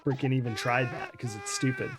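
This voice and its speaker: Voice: mid-range voice, wildly swooping pitch, a little fast, background noise. Exasperated streamer ranting over a game. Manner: exasperated, laughing rants. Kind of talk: live gameplay commentary.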